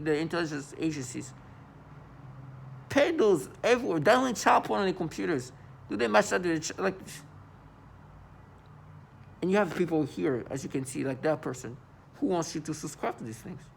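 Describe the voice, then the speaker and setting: A man's voice: on the high side, creaky, slight background noise. A man talking to the camera in an agitated monologue, often stammering and repeating words. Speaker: vlogger.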